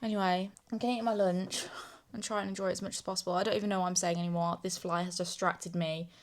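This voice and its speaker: A woman's voice: on the low side, level tone, quick pace. A woman in her twenties, hot and sweaty, chatting to camera in a rambling, self-deprecating way in her small house. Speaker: vlogger. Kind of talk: casual chatty vlog to camera.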